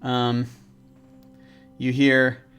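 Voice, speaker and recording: Male game master, hesitant storyteller, average pitch, fills pauses with ums. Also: completely flat delivery, a bit bright, clean tone, soft background music. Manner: halting, many ums and restarts. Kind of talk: narrating a tabletop game.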